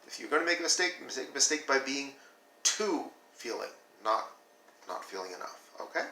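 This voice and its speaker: Gravelly, bright-voiced male teacher. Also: mid-range voice, normal speed, reverberant, recorded from a distance, a little hiss or hum, low-quality recording. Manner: animated, demonstrates flat versus expressive reading. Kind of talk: classroom video lesson.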